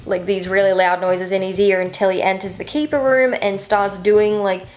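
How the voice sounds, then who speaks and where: A woman's voice: medium pitch, fairly even intonation, moderate pace, darkish tone, faint music behind. A woman vlogging a casual reading update soon after waking, chatty and rambling with lots of fillers. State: just woken up. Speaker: book vlogger.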